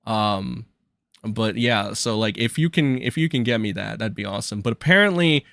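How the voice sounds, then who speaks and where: A man's voice: on the low side, lively intonation, moderate pace, creaky, fairly bright tone, dry recording, clean studio sound. A young man hosting a live stream, talking in a rambling, exasperated and profane way. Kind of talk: casual live-stream commentary.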